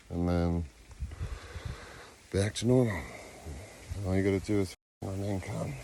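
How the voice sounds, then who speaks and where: Man, lowish voice, rough-spoken outdoor vlogger, slips into coaxing tones with animals. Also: mellow, slight background noise. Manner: profane, loose, talks to animals in a coaxing tone. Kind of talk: casual unedited vlog talk.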